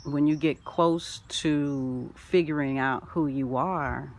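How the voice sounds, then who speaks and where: A woman delivering a rambling spiritual monologue, full of wordplay and sing-song turns, swinging from loud declarations to soft asides. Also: low-pitched, fairly even intonation, slow. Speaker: spiritual self-help vlogger. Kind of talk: rambling spoken-word monologue.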